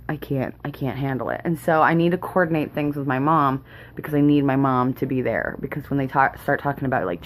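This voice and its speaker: With a very deep voice and slight background noise, a young woman vlogs indoors at home as a mother. She rambles casually and nervously, laughing a lot.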